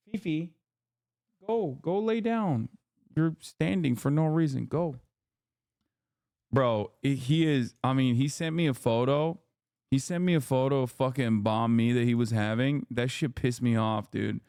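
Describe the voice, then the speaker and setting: A man rambles and rants through his livestream commentary, swearing freely. His voice is smooth and clear. It is recorded close and dry, with no room sound. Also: mid-range voice, dry recording. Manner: profane, ranting, animated rambling. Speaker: streamer host.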